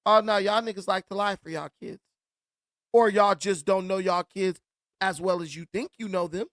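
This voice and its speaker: A man's voice: high voice, steady tone, normal speed, fairly bright tone, no room sound, studio quality. A man hosting his own commentary channel, speaking in a blunt, slangy, emphatic monologue with storytelling and a repeated refrain.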